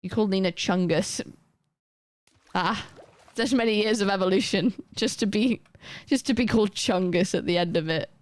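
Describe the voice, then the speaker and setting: A woman's voice: medium pitch, no echo. Chatty woman streaming. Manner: rambling, chatty, self-deprecating, quick asides. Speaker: live streamer. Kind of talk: casual chat while gaming.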